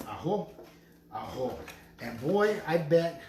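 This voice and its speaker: On a live sales stream, a drum maker shows off his drums in a studio crowded with drums and rattles, speaking slowly with prayerful, emphatic declarations and chanted words woven into his spiritual talk. His medium-pitched voice is a little mellow, and the roomy studio carries faint noise.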